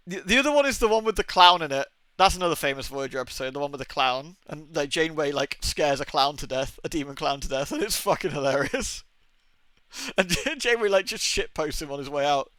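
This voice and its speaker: Bright, chatty young man streaming. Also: fairly high pitch, lively intonation, a little fast, smooth, no echo. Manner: chatty, swears often, laughs a lot. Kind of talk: casual livestream chat.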